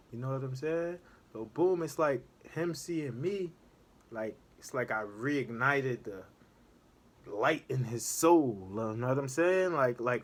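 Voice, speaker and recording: A man casually telling a story from his time in prison in a relaxed street manner, checking in with "know what I'm saying" again and again. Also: fairly high pitch. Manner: laid-back street talk, keeps asking "know what I'm saying".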